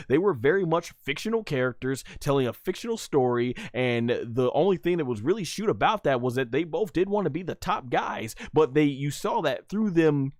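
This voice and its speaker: A man's voice: mid-range voice, no room sound, clean studio sound. A man hosting a casual live stream about wrestling, reading chat messages aloud and rambling with fillers.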